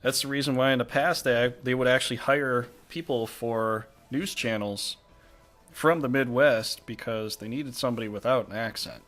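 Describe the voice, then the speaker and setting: A man's voice: mid-range voice, normal speed, fairly bright tone, soft background music. A man hosting a casual podcast chat, easygoing and explaining things with filler words. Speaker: podcast host.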